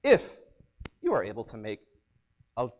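A young man preaching as a youth pastor, telling stories in an upbeat, energetic way. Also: mid-range voice, moderate pace. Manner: upbeat, energetic, animated storyteller. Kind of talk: youth sermon with storytelling.

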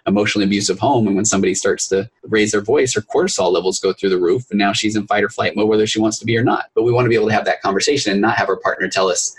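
A middle-aged man with a lowish, slightly husky voice talks quickly as a therapist guest on a podcast. He tells client stories at a brisk clip and slips into their voices as he goes. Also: poor audio. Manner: fast, animated storytelling, acts out clients' voices. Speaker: marriage and family therapist, guest. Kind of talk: podcast interview.

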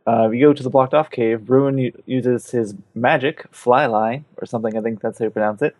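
A man's voice: medium pitch, steady tone, a little mellow, dry recording. Rambling, profane man recapping a game. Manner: rambling, profane, does quick character voices in quotes. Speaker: podcast co-host. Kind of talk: casual chat, retelling a game's story.

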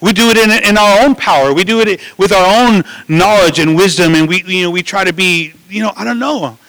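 A man preaching a sermon in an animated way, with frequent restarts and asides to the listeners. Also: high-pitched, brisk, no room sound, poor audio. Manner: animated preaching, acts out voices, many restarts and "right?".

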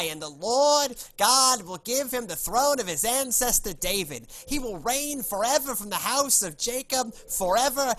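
A man voicing the angel Gabriel as a loud homeless New Yorker with a New York accent, shouting his proclamations. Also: very high voice, pitched above the performer's own voice, exaggerated voice.

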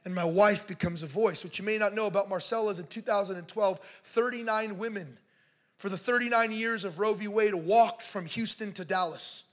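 A man telling a story in a sermon, passionate and building to shouts as he preaches. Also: sits high, fairly quick.

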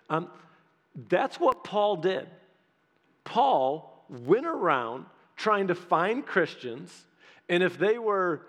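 A pastor preaching a sermon in an animated, conversational way, acting out quotes as he goes. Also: high-pitched. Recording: long hall reverb.

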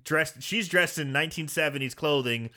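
A man's voice: on the high side, normal speed, sharp tone. A man co-hosting a podcast, trading jokes, swearing and pop-culture references in casual chat. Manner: joking, profane banter with pop-culture asides. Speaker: podcast co-host.

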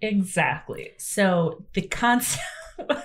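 A woman's voice: medium pitch, animated, slight background noise. Woman host, medium voice, giggly and chatty, casual podcast. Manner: chatty, giggly, reacting with quick asides. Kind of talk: casual chat.

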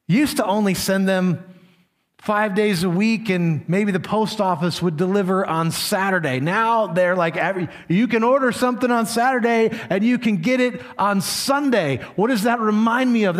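A pastor's sermon voice, a man speaking in a high register. He preaches earnestly and lets his voice sink low and quiet when he delivers warnings.

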